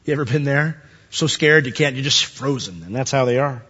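A man preaching a sermon, telling the story with animated asides and acting out the characters. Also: mid-range voice, fairly quick, husky. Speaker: pastor. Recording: dull lo-fi sound.

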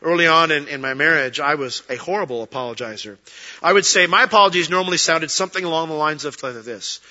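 Bright-voiced preacher man in echoing hall. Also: fairly high pitch, quick pace. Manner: conversational preaching, acts out quoted prayers and excuses. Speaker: pastor. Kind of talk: sermon. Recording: dull sound with long reverb.

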